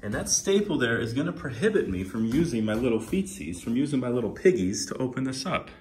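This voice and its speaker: A man's voice: medium pitch, big pitch swings, fast talker, darkish tone, slight background noise. A young man reviewing a product while struggling to open it, grunting, muttering and dropping to whispers, strained and short of breath. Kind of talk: comedic unboxing vlog.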